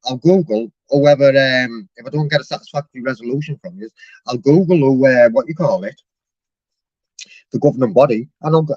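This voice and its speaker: A man's voice: medium pitch, darkish tone, dry recording. A man, complaining on a live-streamed phone call to customer service, chatty and mock-polite.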